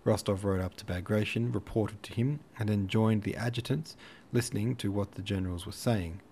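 A man narrating a classic novel in a steady, even storytelling manner. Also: lowish voice, moderate pace, a little hiss or hum. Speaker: audiobook narrator. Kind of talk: scripted narration.

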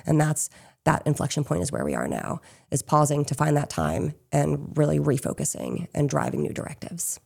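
Low-voiced chatty woman business owner. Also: very animated, moderate pace, creaky, darkish tone. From Chester County, Pennsylvania. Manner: chatty, frequent "um" and "you know". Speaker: small business owner, interview guest. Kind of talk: casual interview answers.

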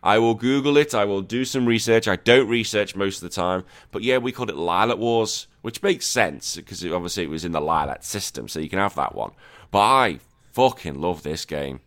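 A man's voice: lowish voice, animated, fairly quick, a bit bright. A man with a Liverpool accent and a sore throat, hosting a casual podcast chat, swearing freely and joking bluntly. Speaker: podcast host.

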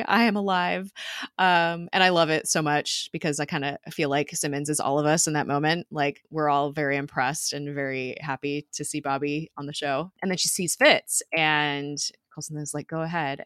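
A young woman co-hosting a casual podcast, recapping a TV episode in a chatty, animated way with frequent fillers. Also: low-pitched, no echo, studio quality. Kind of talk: casual chat.

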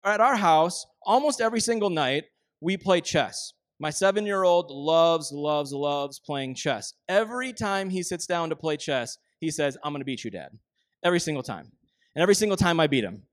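Plainspoken Midwestern pastor, dry close sound. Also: male voice, on the high side, lively intonation, moderate pace, dry recording. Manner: conversational, plainspoken. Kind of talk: sermon with scripture reading.

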